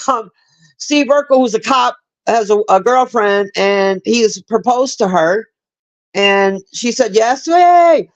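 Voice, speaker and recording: This woman speaks slowly in a mid-range voice, reviewing a movie on a livestream in a loose, meandering way. Her opinions come out blunt and profane, and she keeps pausing to talk with the people watching live.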